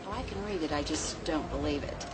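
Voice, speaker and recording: A woman's voice: low voice, fairly quick, very noisy, lightly acted. A woman playing a skeptical casino cashier in a TV drama. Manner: skeptical, prim. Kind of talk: TV drama acting.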